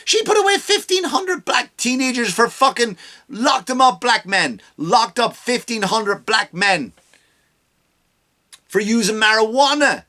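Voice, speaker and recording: A man's voice: very high-pitched, expressive, unhurried, bright, forceful tone. A man hosting a comedy podcast, ranting with heavy swearing and sarcasm, often mocking people in put-on voices. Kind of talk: profane comedic rant.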